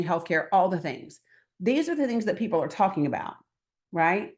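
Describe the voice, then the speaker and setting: Woman giving a workshop talk, chatty and animated, asks the crowd stuff, acts out convos. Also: fairly low pitch. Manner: animated, conversational, asks the room questions, acts out dialogue. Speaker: guest speaker at a political training. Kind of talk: lively workshop talk to an audience.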